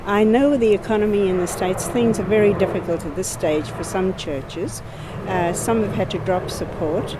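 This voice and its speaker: An older South African woman speaks in a mid-range voice over a noisy background. She gives an earnest, heartfelt missionary update on her personal ministry, thanking listeners again and again.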